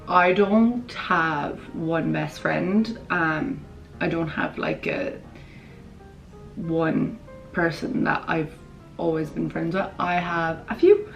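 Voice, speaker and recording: A woman's voice: sits low, steady tone, vocal fry, muffled recording, faint music behind. Bubbly Irish woman in her twenties. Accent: Irish, Kerry. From Ireland. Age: 20s. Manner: bubbly, chatty, quick asides. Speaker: vlogger. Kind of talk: casual chat to camera.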